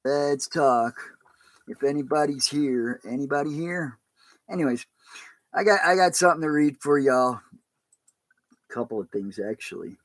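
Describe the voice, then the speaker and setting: Male pastor, casual livestream chat, halting and rambling, mid pitch, dry sound. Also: dry recording.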